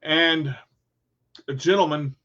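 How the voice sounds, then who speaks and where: Animated storytelling man, lo-fi sound. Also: on the high side, slow. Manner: animated storyteller, acts out quotes. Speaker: vlogger. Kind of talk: casual storytelling monologue. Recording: dull lo-fi sound.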